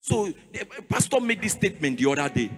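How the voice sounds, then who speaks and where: A man with a Nigerian accent preaching a sermon in a sing-song cadence that rises to shouts. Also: high-pitched, very animated, fairly quick, husky. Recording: reverberant hall with faint music.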